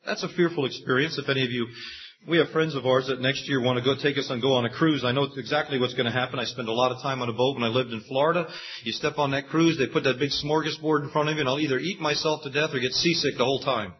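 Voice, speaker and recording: A man preaching a sermon, telling Bible stories with lively acted-out quotes. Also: mid-range voice, fast. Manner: animated storytelling preacher, acts out quoted voices. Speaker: pastor. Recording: dull lo-fi sound.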